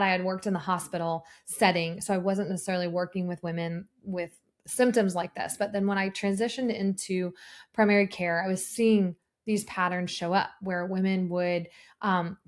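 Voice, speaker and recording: A woman in her thirties talks alone into a podcast mic, sharing personal stories in an earnest, unscripted way. Her voice sits at an ordinary middle pitch, and she often pauses on fillers and restarts her sentences as she explains health topics. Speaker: podcast host and nurse practitioner. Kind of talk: solo podcast talk.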